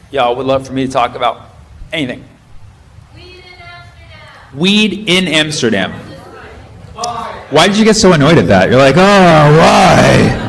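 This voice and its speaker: A male stand-up comedian working the crowd with animated, teasing banter on a club stage. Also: fairly high pitch. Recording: live stage recording with crowd noise. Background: audience laughter.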